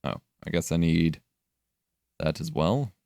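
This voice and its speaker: A man's voice: sits low, big pitch swings, unhurried, gravelly, darkish tone, dry recording, clean studio sound. A young man chatting casually while editing on a live stream, thinking aloud and swearing now and then. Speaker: livestreamer editing video.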